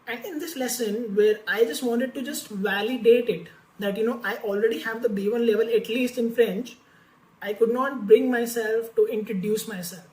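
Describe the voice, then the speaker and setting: A woman's voice: a little high, normal speed, darkish tone, reverberant, low-quality recording. A woman vlogger telling a candid personal story about learning French, talking casually with many fillers and restarts.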